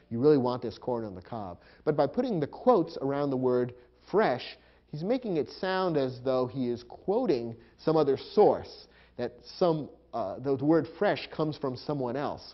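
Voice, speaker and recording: Man explaining grammar, lo-fi recording. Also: mid-range voice. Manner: explanatory, spells out punctuation aloud. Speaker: grammar teacher. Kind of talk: recorded lecture.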